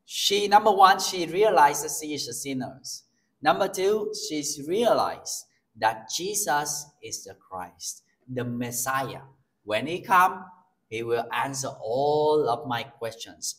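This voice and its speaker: Vietnamese-accented pastor guy preaching slow, voice jumps up and down a lot. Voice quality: non-native English with simple grammar. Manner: slow, emphatic preaching with lively pitch swings. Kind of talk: sermon.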